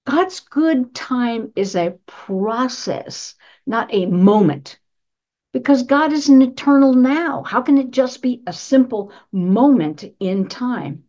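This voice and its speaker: A woman's voice: on the high side, very animated, a little slow, warm tone, muffled recording. A woman minister giving a sermon in a conversational style, asking rhetorical questions and repeating her key phrases for emphasis. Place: church sanctuary.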